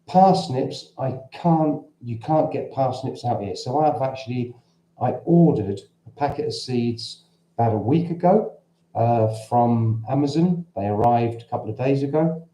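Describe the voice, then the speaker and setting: A man's voice: mid-range voice, unhurried, dark tone. A man with a Cockney accent, originally from London, hosting a casual livestream and answering viewers' questions in a rambling, conversational way. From London, England. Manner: rambling and conversational, frequent restarts. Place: at home in central Portugal. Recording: roomy echo.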